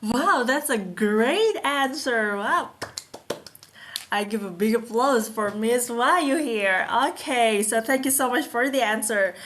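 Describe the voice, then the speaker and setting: A woman's voice: on the high side, slow, a little hiss or hum. A woman teacher leading an online speaking class, encouraging and calling on her students. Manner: encouraging, steady backchannel.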